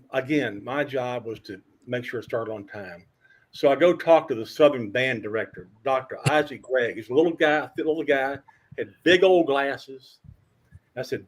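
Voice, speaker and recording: An older man, a veteran sports writer, telling animated anecdotes as a guest, with stammering restarts and a husky voice. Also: on the high side. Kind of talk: animated storytelling.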